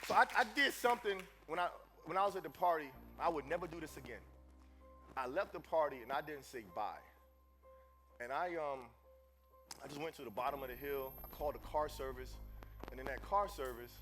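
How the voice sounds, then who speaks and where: A man giving a live motivational speech at a conference, preacherly, moving between hushed confession and loud calls to the audience. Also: on the high side, lively intonation, fairly quick, faint music behind. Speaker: motivational speaker. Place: conference stage before an audience.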